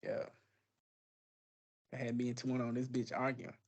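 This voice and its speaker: A man's voice: medium pitch, monotone, moderate pace, dull audio. A man co-hosting a podcast in casual chat, laid-back and profane, often chiming in with agreement. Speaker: podcast co-host.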